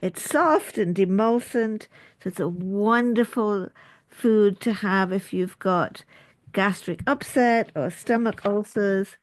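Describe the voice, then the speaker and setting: Speaking slowly at a medium pitch with no echo, this middle-aged Englishwoman from the United Kingdom is both a doctor and a school principal. She gives a chatty, informal health talk to camera, sprinkled with jokey asides.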